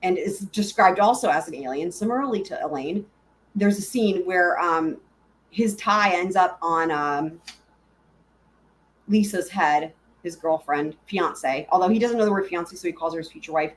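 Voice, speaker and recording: A woman's voice: fairly low pitch, normal speed, slight background noise. A woman hosting a live stream, chatting casually and giggling as she answers her viewers.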